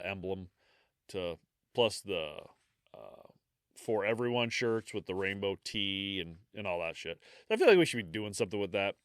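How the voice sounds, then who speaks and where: A man with a smooth, resonant voice that sits a little low. He co-hosts a podcast in easygoing, teasing casual chat, recorded dry and close. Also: fairly bright tone, dry recording. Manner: teasing, laughs often, easygoing. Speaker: podcast co-host.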